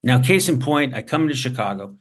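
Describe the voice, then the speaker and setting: A man giving a masterclass on writing, telling anecdotes with dramatic pauses. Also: mid-range voice, animated. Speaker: writing instructor. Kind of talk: masterclass storytelling lesson.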